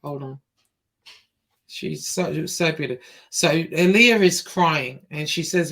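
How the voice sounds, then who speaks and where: Slow, halting woman livestream host. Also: low-pitched, fairly bright tone. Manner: halting, many fillers and pauses; slow-paced, reads messages aloud. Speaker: show host. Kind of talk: livestream interview.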